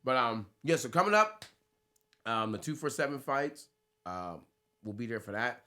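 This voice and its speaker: A man's voice: medium pitch, lively intonation, moderate pace, sharp tone. A man from the United States, a fighter co-hosting a podcast, chatting casually with loose, laughing, swearing banter.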